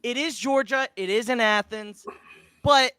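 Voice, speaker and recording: A man with a high, bright, ringing voice talks sports picks in a loose podcast chat. He is excitable and often restarts his sentences. The sound is close and dry. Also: a little slow, smooth, no room sound. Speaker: podcast co-host.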